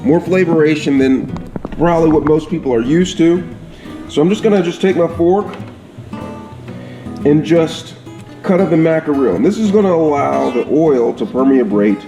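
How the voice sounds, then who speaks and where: Guy cooking at home, chatty, keeps saying all right, mellow voice, echoey kitchen, faint guitar music. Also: a little high, unhurried. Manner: chatty, repeats "all right?" and "absolute goodness". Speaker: home cook. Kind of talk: casual cooking demonstration.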